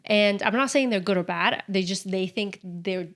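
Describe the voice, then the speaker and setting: A woman's voice: mid-range voice, moderate pace, a bit bright. Giggly young woman co-hosting a podcast. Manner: giggly, teasing, frequent laughter. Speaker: podcast co-host. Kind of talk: casual chat.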